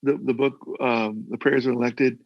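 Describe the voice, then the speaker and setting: Older male guest, husky and gravelly, earnest rambling storyteller, dull video-call sound. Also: mid-range voice, steady tone, moderate pace, no echo. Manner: earnest, rambling with many restarts. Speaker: guest, former mayor. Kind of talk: casual interview storytelling.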